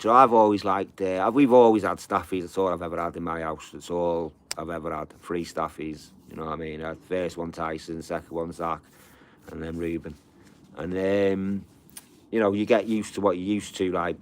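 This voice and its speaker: Middle-aged man, deep low voice, loose sweary live-stream patter, rambling home chat. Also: slight background noise. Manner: casual, sweary, repeats fillers like "you know".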